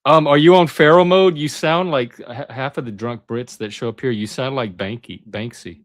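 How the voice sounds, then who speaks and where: A male host chatting on a live stream, teasing and halting with frequent restarts. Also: medium pitch, no echo, clean studio sound. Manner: teasing, hesitant, many restarts. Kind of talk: casual live-stream chat.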